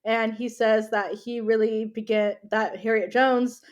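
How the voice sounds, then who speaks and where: American woman podcast cohost, kinda high voice, says like a lot, super casual. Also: level tone, unhurried, muffled recording. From United States. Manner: chatty, laughs often, uses "like" a lot. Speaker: podcast co-host. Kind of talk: casual chat.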